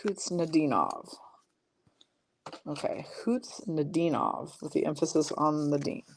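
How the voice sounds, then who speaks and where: A woman hosting a live-streamed trading card break, briskly calling out each pull and teasing her chat viewers. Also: low voice, little pitch movement, a little mellow, slight background noise.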